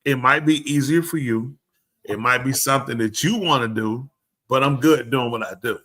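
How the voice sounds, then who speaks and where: A man's voice: medium pitch, normal speed. A man, telling stories in a casual chat and acting out the quoted exchanges. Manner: animated, acts out quoted exchanges. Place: live show studio.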